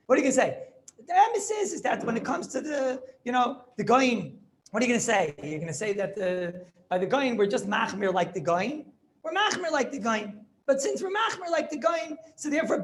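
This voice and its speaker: Man, rabbi, halacha lecture, very lively intonation, yeshiva-style English, rhetorical questions. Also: high voice, slight background noise. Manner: animated, rhetorical questions, yeshiva English full of Hebrew terms. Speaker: rabbi teaching a class.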